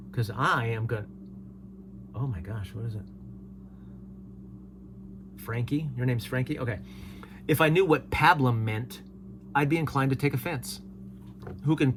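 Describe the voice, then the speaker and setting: A man with a mid-range voice chats easily as he reads comments aloud and answers them in a relaxed way. A faint hum runs under the recording. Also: mid-range voice, normal speed, pauses often. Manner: laid-back, reads comments aloud and replies with chuckles. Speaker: host reading viewer comments. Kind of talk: casual solo commentary.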